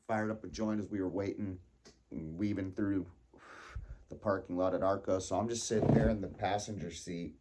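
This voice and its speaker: A man telling a casual personal story, animated and laughing, acting out his own panicked thoughts. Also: deep voice, normal speed, slight background noise.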